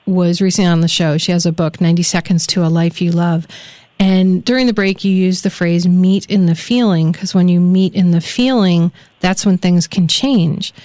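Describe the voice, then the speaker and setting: A woman's voice: lowish voice, darkish tone, no echo. A woman hosting a live radio talk show, introducing her guest and asking questions with upbeat, enthusiastic patter.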